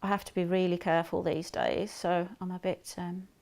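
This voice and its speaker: A woman's voice: lowish voice, flat delivery, fairly quick, a little mellow. Chatty middle-aged Black Country woman. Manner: chatty, rambling with many fillers and restarts. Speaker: guest sewing demonstrator. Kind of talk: casual chat while demonstrating sewing.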